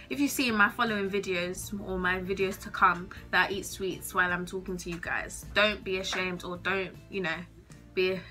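A woman's voice: mid-range voice, bright, forceful tone. A young woman chatting to camera from her bedroom, gushing and giggly with casual slang, a little nervous. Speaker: vlogger.

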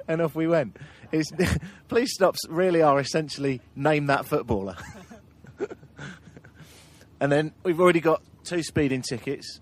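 A man's voice: on the high side, normal speed. A man hosting a travel podcast, telling road-trip anecdotes in casual chat and laughing through them.

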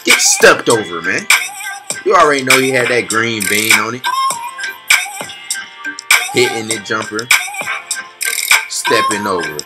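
A young man reacting to highlight clips, his voice swooping up and down as he hypes every play. He talks in quick slang and calls out to the players on screen, with loud music playing behind him. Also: huge pitch swings. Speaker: reaction video host. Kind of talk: hyped casual commentary.

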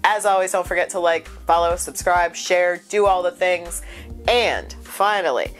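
A woman hosting a reaction video in casual chat, excitable and gushing, sounding stuffed up from crying. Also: unhurried, soft background music. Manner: excitable, gushing, with big pitch jumps.

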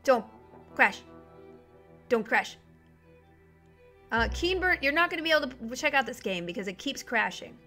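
A woman's voice: sits high, big pitch swings, quick pace, few pauses, bright, forceful tone, soft background music. A woman live-streaming a video game from home, chatting with viewers and reacting to the game crashing. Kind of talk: casual live-stream chat while gaming.

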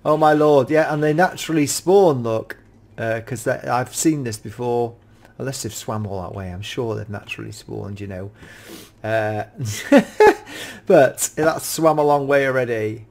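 A British man giving casual, excitable gameplay commentary as a YouTube reviewer, often gasping and exclaiming in wonder. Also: medium pitch, a little slow, creaky, a little hiss or hum. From United Kingdom.

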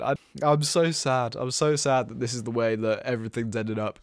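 A man's voice: mid-range voice, normal speed, hardly any pauses, no echo. A man giving reaction commentary, exasperated and incredulous, often repeating himself.

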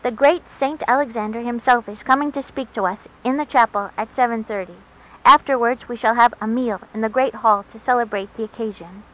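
A woman's voice: fairly high pitch, brisk, a bit bright, close to an everyday voice. A woman voicing a stern convent headmistress nun who makes formal announcements, recorded on a dull lo-fi track. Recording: dull lo-fi recording, faint hiss.

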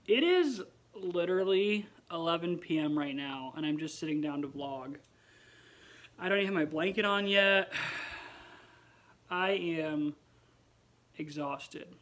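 A tired young man vlogging from home late at night, chatting expressively and sighing often. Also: fairly high pitch. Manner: chatty and expressive, with frequent sighs. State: tired, yawning. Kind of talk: casual late-night vlog chat.

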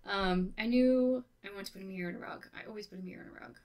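A woman in her thirties, narrating her game build in a relaxed, rambling, chatty way, a little tired. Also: medium pitch, fast talker. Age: 30s. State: tired, winding down. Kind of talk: casual voice-over narration of a build.

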